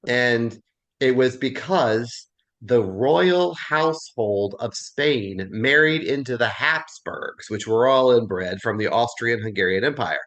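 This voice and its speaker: A man's voice: mid-range voice, slow, fairly bright tone. A man leading a Bible class, telling a story in a chatty way and encouraging his students. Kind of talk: casual class discussion.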